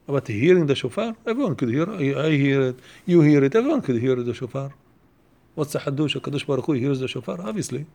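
A man teaching a Torah lesson, asking questions and answering them step by step, repeating phrases and quoting Hebrew passages quickly. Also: medium pitch, lively intonation, gravelly, mellow.

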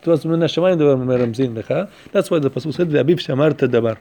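Man, Torah teacher, quick verse chanting, rhetorical questions, mellow tone. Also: mid-range voice. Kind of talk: weekly Torah portion class.

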